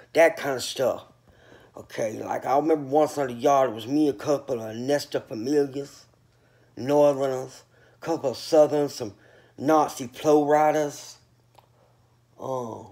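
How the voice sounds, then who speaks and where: A man from North Carolina holds forth in a loose, rambling monologue to his viewers. His voice sits at an ordinary male pitch. He is boastful and full of street slang, and he sounds a bit sleepy. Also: darkish tone. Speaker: vlogger. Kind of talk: casual monologue to camera.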